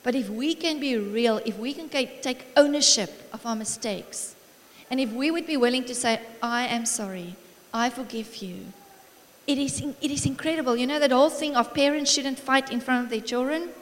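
A middle-aged woman preaching a sermon in a church hall, warm and encouraging, telling family stories with frequent laughter. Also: high voice, a little fast. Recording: long reverb of a large hall.

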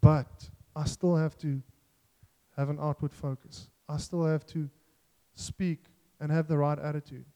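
A man's voice: fairly high pitch, little pitch movement, measured pace, mellow, big-room sound. A man preaching a sermon in an earnest, self-deprecating way, joking and restarting as he talks.

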